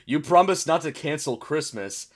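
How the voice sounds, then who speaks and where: A man's voice: fairly high pitch, lively intonation, normal speed. A young American man casually reacting to memes as a video host, chatty and puzzled, reading captions aloud. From United States.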